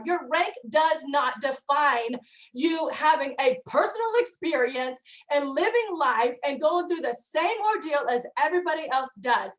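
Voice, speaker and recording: A woman's voice: high-pitched, fairly bright tone. A woman giving a motivational pep talk as team leader, emphatic and urging. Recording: roomy echo.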